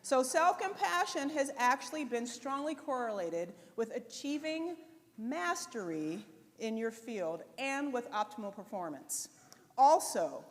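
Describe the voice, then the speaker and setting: High-voiced woman speaking in a reverberant hall. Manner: animated and chatty, speaks straight to the audience. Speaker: conference speaker. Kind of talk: motivational conference talk. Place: conference stage before an audience. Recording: live talk in a reverberant hall.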